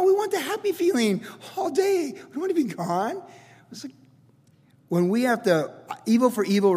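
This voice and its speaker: A man preaching a conversational sermon as pastor, energetic and repetitive, talking straight to his congregation. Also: fairly high pitch, husky. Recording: long hall reverb.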